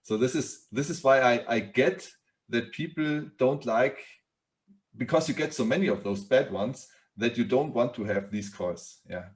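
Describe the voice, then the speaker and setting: A man's voice: mid-range voice, measured pace. A man with a mid-range voice hosts a sales podcast. He chats casually, telling short anecdotes with a few restarts along the way. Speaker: podcast host. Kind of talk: casual interview talk.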